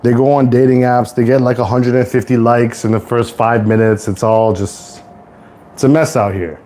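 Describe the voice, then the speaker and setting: A young man from Toronto hosting a casual live cooking stream, rambling to viewers in relaxed slang from his home kitchen. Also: mid-range voice, normal speed. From Toronto, Canada. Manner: laid-back rambling slang-heavy talk to viewers. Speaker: livestream host.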